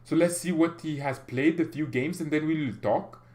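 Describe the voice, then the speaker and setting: A man reading out a football club boss's quote in a put-on mock German accent, halting and formal. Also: fairly high pitch, darkish tone, voice pushed up, natural voice.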